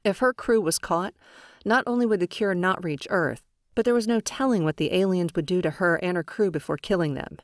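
A woman narrating a science fiction audiobook in a steady, even storytelling way. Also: on the low side, a little fast, dry recording, clean studio sound. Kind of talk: scripted narration.

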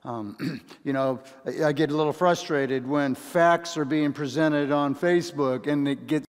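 A man's voice: on the high side, measured pace, long reverb tail. A man preaching a sermon as a pastor, telling stories with chatty asides and acting out voices. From California.

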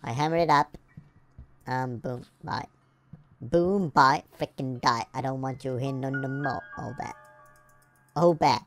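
A woman giving playful, goofy game commentary, rambling along and breaking into sudden high squeals and shouts. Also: measured pace, long pauses. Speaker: gameplay video creator. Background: game music.

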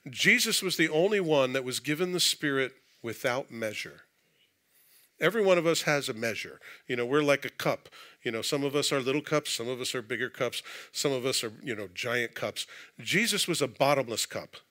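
A man preaching to his congregation in a church, his voice bright and forceful. He reads scripture and then breaks into casual, joking asides. His delivery stays conversational throughout. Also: medium pitch, expressive, moderate pace. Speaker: pastor. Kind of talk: sermon. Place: church sanctuary.

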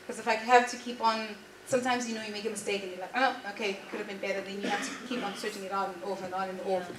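A woman in the audience asks a hesitant question in a quick run of words. Her voice comes from afar in an echoing hall, with clear noise behind it. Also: medium pitch, level tone, fairly bright tone. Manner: hesitant, with fillers. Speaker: audience member asking a question. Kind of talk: question from the floor. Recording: echoey hall from far off, noisy.

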